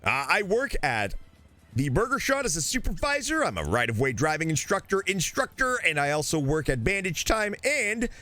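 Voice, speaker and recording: A man's voice: on the high side, big pitch swings, moderate pace, bright, forceful tone, faint music behind. A man voicing an eager, overly polite role-play character in his mid-thirties who keeps calling others sir. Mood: earnest.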